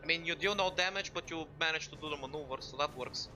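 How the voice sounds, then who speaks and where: A man's voice: fairly high pitch, fast talker, pushed and bright, faint music behind. A man playing a tabletop game, chatting about the rules and describing what his character does. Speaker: player. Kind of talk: casual tabletop game play.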